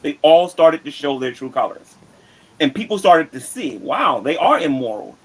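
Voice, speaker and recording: Brief: man, taunting boastful rant, lively pitch, slightly high voice. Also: moderate pace, a little hiss or hum.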